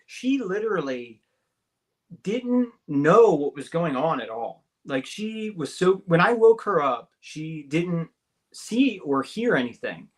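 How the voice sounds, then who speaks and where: A man with a somewhat high voice tells a personal story as a guest on a talk radio show. He talks excitedly, with constant fillers and tag questions, and his pitch leaps up whenever he acts out what someone said. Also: slow pace. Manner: acts out the quoted voices, jumping higher for them. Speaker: guest recounting an abduction experience. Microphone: call-in or studio mic on a talk radio show.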